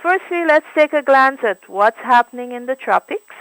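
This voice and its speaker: A woman reading the weather report on the radio in a clear, measured, cheerful way. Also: sits high, expressive, a bit bright, no echo, low-quality recording. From Grenada. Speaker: weather forecaster.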